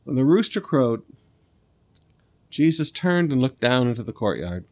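A man, a pastor reading scripture and preaching in a conversational way, with lively asides and soft, earnest appeals. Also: mid-range voice, unhurried.

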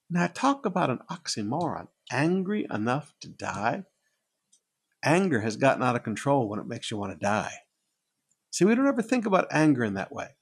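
A man preaching a sermon, with a gravelly, husky voice, repeating phrases for emphasis. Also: mid-range voice, big pitch swings, moderate pace. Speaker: pastor.

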